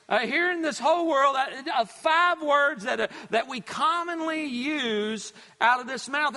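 A man's voice: very high-pitched, pushed and bright. A male pastor preaching a sermon, hammering home words by repeating them, with frequent fillers. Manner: preachy, repetitive emphasis with many fillers. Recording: long hall reverb.

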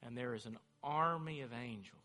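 Fervent preacher in a reverberant hall. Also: male voice, medium pitch, normal speed, pushed and bright. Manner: fervent preaching, rising to emphatic declarations. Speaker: pastor. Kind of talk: sermon.

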